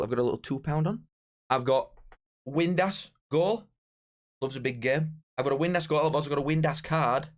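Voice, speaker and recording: A young man chatting casually on a live stream as host, excitable and bantering straight to his viewers. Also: medium pitch. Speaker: streamer hosting a live watch-along.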